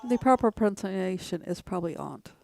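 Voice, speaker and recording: A woman, a talk show guest speaking in a relaxed, hesitant way. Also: fairly low pitch, a little fast, gravelly. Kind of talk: casual chat.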